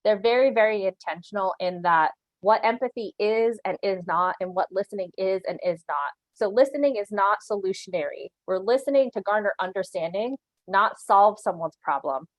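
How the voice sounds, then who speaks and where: A woman's voice: mid-range voice, animated, moderate pace, few pauses, no room sound, low-quality recording. A woman presents a training session over a video call, speaking in a mid-range voice with an earnest, instructive manner. Her voice sounds dry and close, with no room around it. She checks in with her listeners often and laughs lightly now and then. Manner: earnest and instructive, with occasional laughs and frequent "right?" check-ins. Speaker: animal control officer giving a training.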